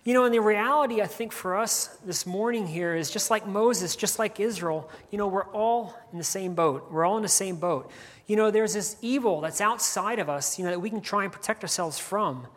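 A preacher delivers a morning sermon from a church stage. The voice sits at a middle pitch and leans on "you know" in almost every phrase, saying key lines twice over. A long hall reverb trails behind each phrase. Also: normal speed.

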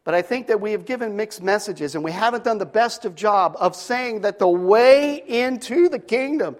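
Preacher, male, fairly high voice, earnest and emphatic sermon delivery with stories. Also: lively intonation, moderate pace.

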